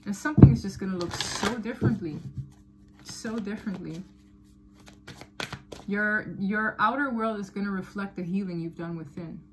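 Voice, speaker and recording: A woman giving a tarot reading to her viewers, talking in a loose, animated way, often laughing and repeating phrases. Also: medium pitch, normal speed, pauses often, slight background noise, poor audio. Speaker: tarot reader. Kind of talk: casual tarot reading to camera.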